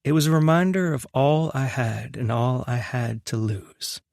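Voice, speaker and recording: A young man narrating a romance audiobook in the first person, in a soft, unhurried, intimate way. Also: mid-range voice, gravelly, dry recording, studio quality.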